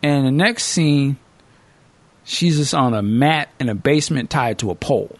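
A male podcast host casually recapping a movie as an animated storyteller who acts out the characters. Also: mid-range voice, normal speed, no echo.

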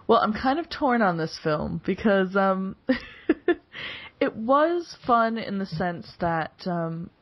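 Giggly woman host, slow lo-fi chat. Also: medium pitch, animated. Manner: giggly, laughs often between phrases. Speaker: podcast host. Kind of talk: casual chat. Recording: dull lo-fi podcast audio.

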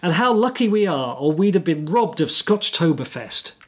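A man's voice: fairly high pitch, big pitch swings, moderate pace, breathy edge. A man co-hosting a podcast, delivering partly scripted commentary in a dry, wry way. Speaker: podcast co-host. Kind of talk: casual chat with scripted segments.

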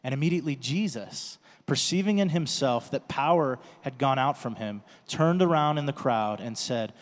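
A man giving a slow, deliberate scripture reading. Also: a little high. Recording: echoey hall.

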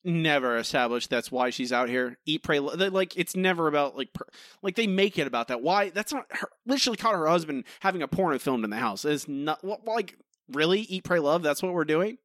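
A man's voice: a little high, animated, fairly quick, a bit bright, dry recording, studio quality. Exasperated ranting man on a podcast. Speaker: podcast co-host. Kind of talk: casual episode review chat.

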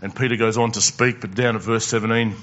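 A man's voice: lowish voice, fairly even intonation, fast talker, a bit bright, lo-fi sound. A male pastor preaching a conversational sermon, asking the congregation questions and repeating words as he goes.

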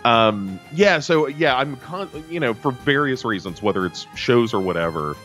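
With faint music in the background, a man talks in a casual podcast chat, wandering through his points with lots of fillers and restarts. He has a medium-pitched, slightly bright voice with lively intonation, at a moderate pace.

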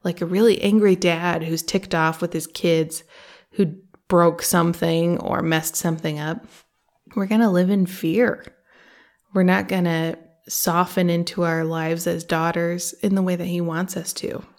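A woman with a lowish, steady, unhurried voice and a darkish tone hosts a reflective faith podcast. She talks earnestly and conversationally, reading quotes aloud from a book.

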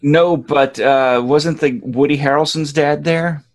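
A man's voice: on the high side, steady tone, unhurried. Rambling joking man in casual chat. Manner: rambling storyteller, joking analogies. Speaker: podcast co-host.

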